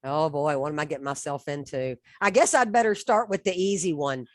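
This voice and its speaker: A middle-aged woman hosting a podcast interview, upbeat and quick to laugh. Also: low voice, no echo, clean studio sound. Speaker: podcast host. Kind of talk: conversational interview.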